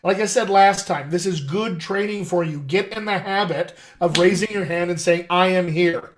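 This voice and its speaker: Man, high voice, dialect coach, casual live-stream host, playful, chatty, video call audio. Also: normal speed, a little hiss or hum. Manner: chatty and playful, talking straight to viewers.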